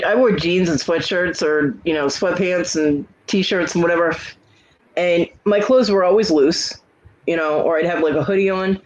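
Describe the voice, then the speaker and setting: A woman's voice: on the low side, low-quality recording. A woman host in casual chat, bluntly telling salty family stories with a laugh.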